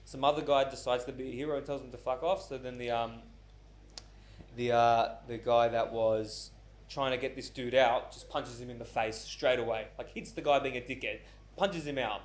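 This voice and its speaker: Casual male podcast host, twenties to thirties, animated storyteller, swears a lot, middle pitch. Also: normal speed. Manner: animated storyteller who acts out quoted voices, swears often.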